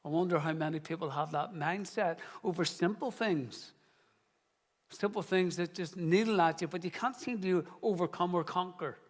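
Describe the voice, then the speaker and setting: Man, middle-aged, founding pastor, sermon, earnest conversational storytelling, slightly high voice. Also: moderate pace, in a large hall.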